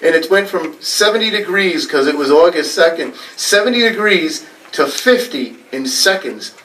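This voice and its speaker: A man's fairly high, lively, slightly bright voice carries a New England accent as he tells stories at moderate speed in a library meeting room. The talk is chatty and rambling, packed with fillers and laughter, and the mic sits a bit distant.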